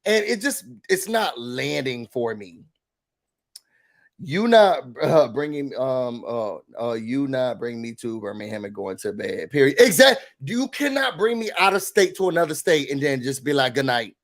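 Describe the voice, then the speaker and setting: A man hosting a casual livestream recap, talking in an animated, sassy way and pushing his opinions hard. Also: mid-range voice, measured pace. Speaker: YouTube recap host.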